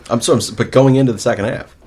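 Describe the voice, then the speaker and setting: A man's voice: mid-range voice, fairly even intonation, fast talker, a little mellow, husky. A man co-hosting a casual podcast, dropping dry, teasing quips. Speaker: podcast co-host. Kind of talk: casual chat.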